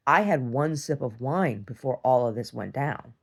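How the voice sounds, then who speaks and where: A woman's voice: rumbling low, lively intonation, moderate pace, slightly rough. A young woman talking in a meandering video diary, full of "like"s, restarts and casual swearing. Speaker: video diarist. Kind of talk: rambling personal video diary.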